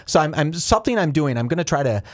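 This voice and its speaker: A man co-hosting a radio show, chatting casually and telling lively stories, acting out the quotes in them. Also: on the high side, fast talker, dry recording, studio quality. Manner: animated storyteller, acts out quotes. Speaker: radio co-host.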